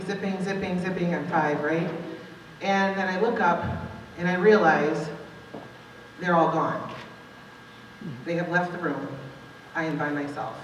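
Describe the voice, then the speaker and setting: Woman, forties, live storyteller, animated and expressive, very echoey hall, distant mic. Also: on the low side, a little hiss or hum. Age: 40s. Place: large event hall.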